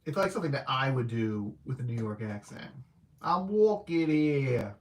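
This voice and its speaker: Speaking a little fast with lively intonation in a mid-range voice, a man gives a relaxed spoken movie review that wanders and stalls. He's hesitant and chatty, laughing at his own comments and saying "like" and "I don't know" constantly.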